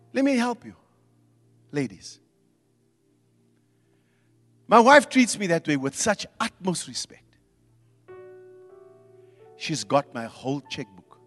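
A man preaching a sermon, swinging from quiet asides to loud, emphatic preaching. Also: sits high, long reverb tail. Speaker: pastor.

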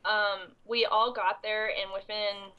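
A woman's voice: medium pitch, level tone, takes it slowly, muffled recording. A young adult woman with a cold and coughing fits, recapping a convention in a rambling, casual podcast chat full of ums and restarts. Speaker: convention goer recapping the event.

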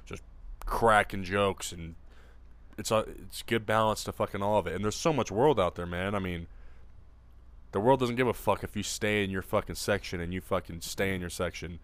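A man's voice: low-pitched, fairly even intonation, normal speed, a bit bright. A man co-hosting a podcast in casual chat, rambling and swearing freely and acting out voices in the stories he tells. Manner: rambling, profane, acts out quoted voices. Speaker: podcast co-host.

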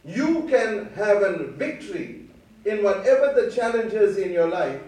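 A man's voice: high voice, sing-song, a little slow, darkish tone. Male preacher, earnest, stammering restarts, distant mic, big reverberant hall. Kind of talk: sermon. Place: church hall. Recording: echoey hall from far off.

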